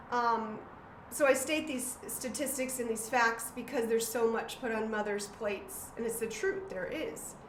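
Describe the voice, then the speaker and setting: A woman in her thirties, the author and host, talking casually and reading passages from her own book in an earnest, emotional way with frequent fillers and restarts. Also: on the high side. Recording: roomy echo, faint background noise.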